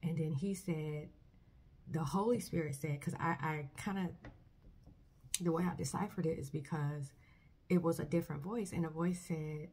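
A woman with a low, dark, husky voice speaks to camera in a personal faith testimony. She talks in an earnest, soft-spoken way, often pausing and restarting her sentences. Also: fairly even intonation. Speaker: vlogger.

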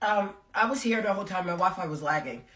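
A man's voice: high-pitched, lively intonation, fast, voice pushed up. A man voicing a hesitant young male student giving unsure answers. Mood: sheepish. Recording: echoey room with noise, voice from far off.

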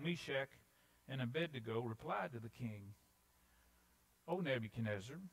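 Animated preacher delivering a sermon. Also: male voice, medium pitch, low-quality recording. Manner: animated, dramatic scripture reading. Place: church sanctuary.

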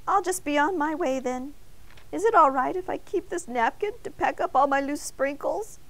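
A woman doing a squeaky excitable doughnut boy. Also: normal speed, full character voice. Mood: sad. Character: cheerful young male talking doughnut.

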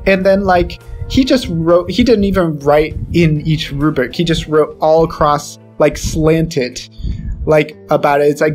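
A man's voice: on the high side, unhurried, a little mellow, soft background music. A young man chatting casually as a podcast co-host, rambling with lots of fillers and scatting melodies aloud. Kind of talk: casual chat.

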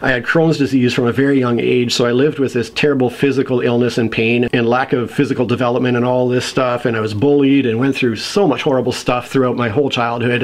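A middle-aged man giving a casual spoken book review, retelling a story in an animated, playful way. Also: mid-range voice.

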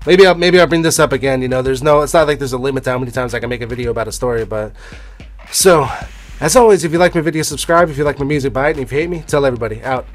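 A man's voice: mid-range voice, racing. A young man telling a personal story in a rambling, offhand way, with the odd swear word. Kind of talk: casual storytelling.

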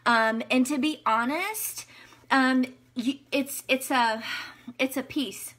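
A woman's voice: sits high, slow, fairly bright tone. A woman in her thirties leading a women's Bible study, talking earnestly and conversationally while answering viewers by name. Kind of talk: live-streamed devotional talk.

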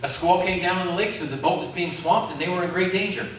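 A man's voice: high-pitched, fast, fairly bright tone, slight background noise. A man preaching a sermon, calling out questions to the congregation. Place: community centre hall. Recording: echoey hall from far off.

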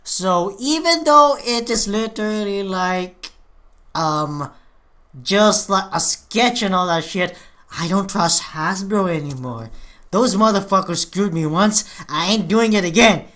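Foul-mouthed excitable woman reacting. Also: medium pitch, measured pace. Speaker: reaction video host. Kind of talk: casual reaction commentary.

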